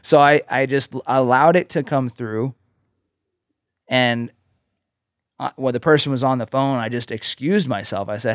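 In a dry, studio-quality recording, a man with a medium-pitched voice speaks a little slowly and pauses often. He's a coach co-hosting a casual podcast, earnestly recounting a personal story and regularly checking in with "okay?"

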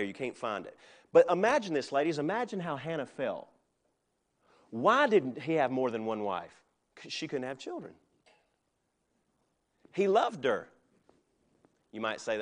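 Middle-aged guy preaching, chatty sermon with jokes, normal pitch voice. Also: sing-song, measured pace, long pauses. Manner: conversational preaching with humor and asides. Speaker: pastor.

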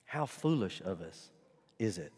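A middle-aged man preaching a sermon as pastor, earnest and at times loud and emphatic. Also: low-pitched, sing-song, measured pace, slightly rough. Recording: long hall reverb.

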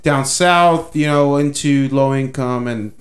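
A man's voice: medium pitch, unhurried. A man hosting a podcast in casual chat, easygoing and agreeable, often adding short affirmations. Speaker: podcast host.

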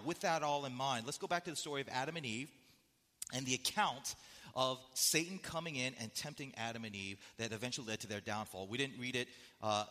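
A man's voice: medium pitch, bright, forceful tone, big-room sound. A man preaching a sermon, building emphasis with rhetorical questions and reading scripture aloud. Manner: emphatic, rising and falling delivery with rhetorical questions. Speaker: pastor.

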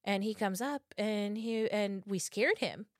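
A woman's voice: medium pitch, a little slow, no echo, clean studio sound. A woman in her thirties, co-hosting a podcast, telling stories in casual chat, swearing freely and acting out what people said. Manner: profane, animated storytelling with acted-out quotes. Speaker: podcast co-host.

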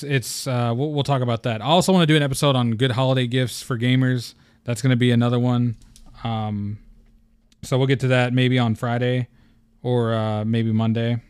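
A young man hosts his own podcast with a scatterbrained, excitable energy, rambling and swearing freely. His voice sits at an ordinary middle pitch. The sound is dry and close to the mic. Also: clean tone, no room sound. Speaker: podcast host. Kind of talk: casual solo podcast chat.

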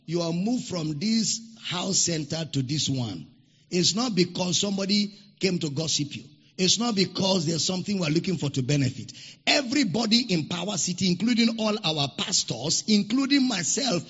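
A high, bright, gravelly-voiced man preaches with big swings in pitch, hammering his points home by repeating short phrases. His voice is very husky. The dull, lo-fi recording carries a long reverb from the hall. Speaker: pastor. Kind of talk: sermon.

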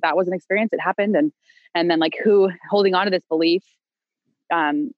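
A woman's voice: lowish voice, a little fast, dry recording, highs cut off. A young woman speaking as a podcast guest, telling a personal story in a loose, rambling way full of fillers, restarts and light laughs. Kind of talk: casual conversational storytelling.

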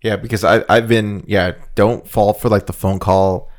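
A man's voice: lowish voice, steady tone, moderate pace. A man co-hosting a casual podcast chat, blunt and profane, acting out both sides of past conversations. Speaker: podcast co-host.

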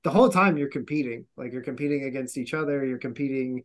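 A man's voice: mid-range voice, fast. A man in his thirties from the United States hosts a podcast in casual chat. He is a former intelligence officer who swears freely and mimics people as he tells stories. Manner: profane, animated, mimics people.

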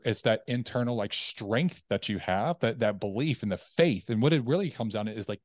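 A man with a low voice talks as a guest on a podcast, recorded close and dry. He tells animated stories about his own habits. He often acts out the inner voices in his head. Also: dry recording. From United States. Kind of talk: casual interview chat.

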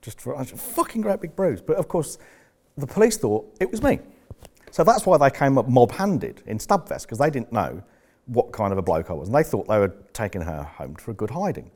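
A man's voice: medium pitch, big pitch swings, moderate pace, a little mellow. A man coaching business members in a candid, rambling talk, swearing bluntly as he tells stories.

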